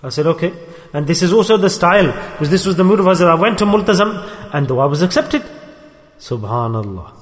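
A man preaching an earnest sermon, circling back to repeat his points and sprinkling in Arabic and Urdu religious words. His voice sits somewhat high for a man. The sound carries a long reverb. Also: lively intonation, fairly quick. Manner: earnest, repetitive, mixes Arabic and Urdu terms. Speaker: religious teacher.

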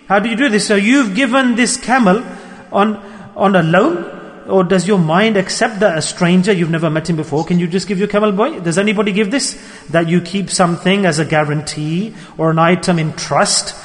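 A man preaching a sermon, telling a story with animated swings between loud exclamations and hushed asides. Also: high-pitched, fairly quick. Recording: long hall reverb.

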